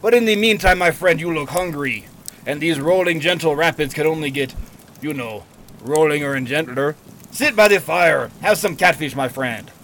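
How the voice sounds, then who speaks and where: A man's voice: on the high side, moderate pace, a bit bright, a little hiss or hum, rough recording. A man voicing a friendly, scheming river pirate with a wheedling, jovial manner.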